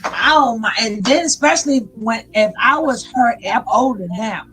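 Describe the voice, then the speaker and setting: A woman giving reaction commentary in an exclamatory, drawn-out way. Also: fairly high pitch, lively intonation, fairly bright tone, a little hiss or hum, poor audio. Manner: exclamatory, slow drawl.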